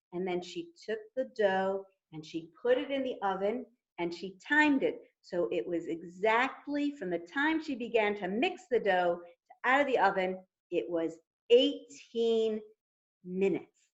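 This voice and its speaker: A woman telling a story at a storytime for toddlers, gently coaxing the children to join in. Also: a little high, muffled recording.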